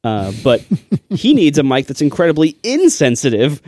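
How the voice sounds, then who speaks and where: A man co-hosting a casual tech podcast, explaining at length with lots of fillers. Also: fairly high pitch. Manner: fast, animated explaining with many fillers. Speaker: podcast co-host and editor.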